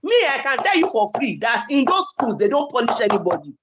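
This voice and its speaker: A man's voice: extremely high pitch, very animated, a little fast, muffled recording, heavy background noise. A man, making his points insistently as a panelist in a casual discussion.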